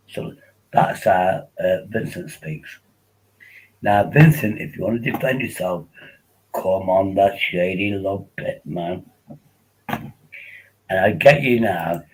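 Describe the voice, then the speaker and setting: A man's voice: low-pitched, expressive, takes it slowly, pauses often, slightly rough, rough recording. A man hosting a casual livestream, rambling and joking while tipsy on wine, often repeating himself. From England. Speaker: livestream host.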